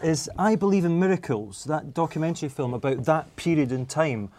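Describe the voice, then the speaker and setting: Bloke rambling on a podcast, jokey, laughs a lot, bit of hiss. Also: male voice, on the high side, expressive, fairly quick, a little mellow. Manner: rambling, joking, laughs often. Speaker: podcast co-host. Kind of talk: casual chat.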